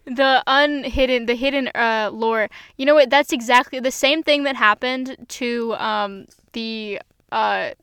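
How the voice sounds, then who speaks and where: A young woman co-hosting a casual chat over a video call, agreeable and full of fillers and quick yeses. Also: fairly high pitch, a bit bright, clean tone, no room sound. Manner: agreeable, lots of fillers and affirmations. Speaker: co-host.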